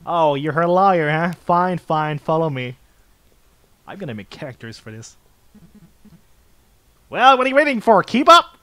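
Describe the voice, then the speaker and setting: A man's voice: fairly high pitch, normal speed, clean tone, no room sound, natural voice. A man voicing an impatient male prison guard in a game playthrough, curt and barking orders.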